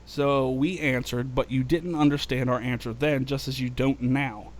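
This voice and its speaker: A man voicing a calm, dry-witted male alien envoy, reading in a slightly higher, softer, measured voice. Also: a little hiss or hum, lightly acted.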